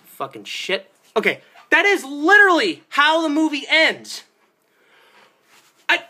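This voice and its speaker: A young man at home, filmed on a handheld phone camera, ranting and swearing about a movie he hated, with yelled outbursts. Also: very high-pitched, huge pitch swings, moderate pace. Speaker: movie reviewer. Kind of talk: angry movie-review rant.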